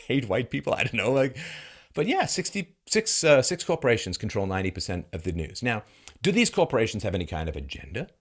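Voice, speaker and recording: This is solo political commentary from a low-voiced man who mocks his subjects sarcastically, laughs a lot, and imitates the voices of those he quotes.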